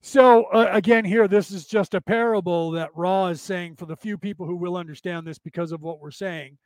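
Guy podcasting, kinda high voice, rambly, keeps saying right?, dry close sound. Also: fairly even intonation, moderate pace, no room sound. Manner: rambling, self-correcting, frequent "right?" tags. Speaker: podcast host. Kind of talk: casual explanatory commentary.

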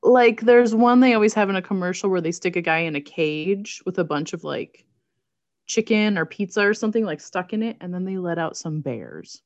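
Woman co-host, slightly low voice, wry and relaxed, lots of "like", dry close recording. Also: normal speed, no room sound, highs cut off. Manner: wry, laid-back storytelling with filler "like". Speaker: podcast co-host. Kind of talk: casual movie-review chat.

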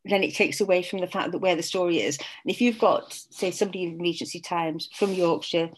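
A woman's voice: fairly low pitch, steady tone, brisk, breathy edge, rough recording. A woman author chatting casually, hesitant and searching for words as she talks. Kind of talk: casual chat.

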